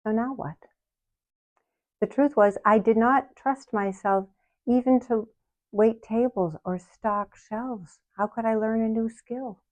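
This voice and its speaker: A woman in her sixties, the channel host, telling her personal story to camera in a slow, earnest way with soft laughs. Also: on the high side. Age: 60s.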